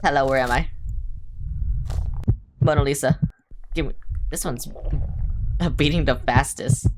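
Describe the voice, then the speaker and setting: A woman streamer talking through her gameplay live, excitable and quick to panic, swearing casually as she plays. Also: a bass voice, very noisy. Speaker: game streamer. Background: game music.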